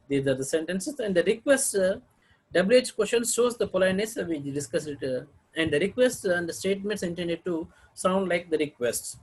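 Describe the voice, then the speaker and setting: A man teaching English intonation in a recorded lecture, demonstrating each example sentence twice and clearing his throat now and then. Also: sits high, expressive, normal speed, low-quality recording.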